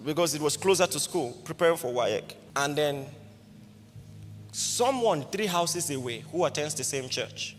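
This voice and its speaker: A man's voice: a little high, measured pace. A man with a Nigerian accent preaching, telling a personal story with many rhetorical questions to the congregation. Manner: lively anecdotal preaching, frequent rhetorical questions. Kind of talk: storytelling sermon. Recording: reverberant hall with faint music.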